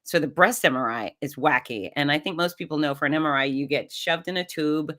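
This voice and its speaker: A woman's voice: deep voice, a little fast. A middle-aged woman, a podcast guest, telling a personal story in conversation and acting out the voices she quotes. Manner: animated, acts out quoted voices.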